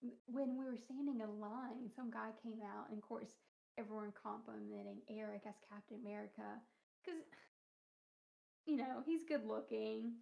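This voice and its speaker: Gravelly animated woman podcast host. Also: on the high side, moderate pace. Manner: animated storytelling, acts out quoted voices, laughs often. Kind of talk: casual chat. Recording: dull lo-fi podcast audio.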